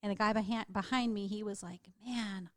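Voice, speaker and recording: A woman's voice: medium pitch, steady tone, fast, fairly bright tone, dry recording. A middle-aged woman with a Texan accent, co-hosting a podcast and telling stories in a chatty way, laughing often. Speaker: podcast co-host. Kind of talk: casual chat.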